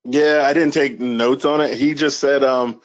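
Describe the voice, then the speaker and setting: Rambling, profane podcast co-host. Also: male voice, medium pitch, steady tone, a little slow, highs cut off. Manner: rambling, profane, recaps with quoted bits. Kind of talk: casual podcast chat.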